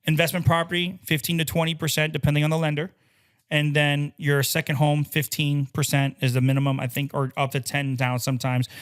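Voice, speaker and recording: A man co-hosting a casual podcast as a loan officer, explaining loan terms in quick lists and acting out the people in his stories. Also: a little high, smooth. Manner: animated, acts out quoted people mid-story.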